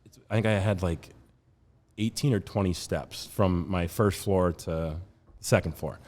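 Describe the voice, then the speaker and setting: A man in his thirties, a podcast guest, telling a story in a casual, animated way with lots of laughs and fillers. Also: low voice, measured pace. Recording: roomy studio reverb.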